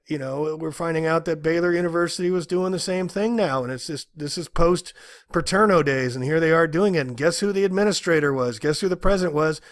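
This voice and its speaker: A man giving angry, indignant commentary, ranting with loud emphatic outbursts. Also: on the high side, no room sound. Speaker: video commentator.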